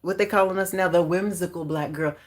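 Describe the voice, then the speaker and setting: A woman in her forties hosting a casual livestream, chatting in a lively, animated way with slang and sharing affirmations. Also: lowish voice, fairly quick. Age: 40s. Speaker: livestream host and author.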